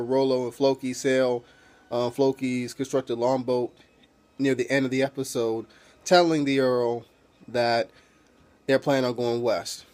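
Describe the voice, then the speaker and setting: Rambling man with lots of filler. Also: medium pitch. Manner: rambling, filler-heavy, swears freely. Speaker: TV episode reviewer. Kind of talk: casual spoken recap.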